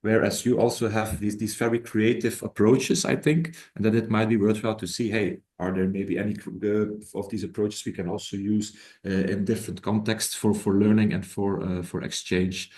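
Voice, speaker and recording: A man's voice: lowish voice, little pitch movement, moderate pace, few pauses, a little mellow. Hesitant man in a roomy echo. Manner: hesitant, repeats words while thinking. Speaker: workshop presenter on living labs. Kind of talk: online workshop answer.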